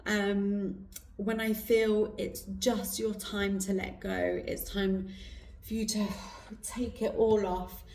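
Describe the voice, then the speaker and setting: A woman giving an intuitive card reading in a slow, soft, reflective way with pauses, her throat going hoarse, recorded indoors. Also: mid-range voice, little pitch movement, slight background noise. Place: indoor room with incense burning. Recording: roomy, distant mic.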